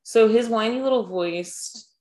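A woman co-hosting a casual chat, animated and incredulous as she recaps scenes and mimics the characters. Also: fairly high pitch, a little slow. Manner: animated, incredulous, quoting characters in exaggerated voices. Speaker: podcast co-host recapping a show.

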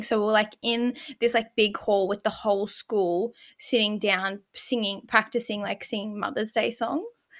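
A woman's voice: a little high, a bit bright. A woman, co-hosting a podcast and telling stories in a chatty way with frequent laughs. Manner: chatty storyteller, laughs often. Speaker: podcast co-host. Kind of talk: casual chat.

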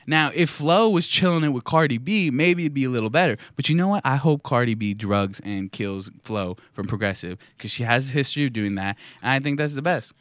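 A man's voice: mid-range voice, animated, brisk, few pauses, a bit bright, no room sound, clean studio sound. A man hosting a podcast, delivering a mock-outraged, sarcastic comedic monologue. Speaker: podcast host.

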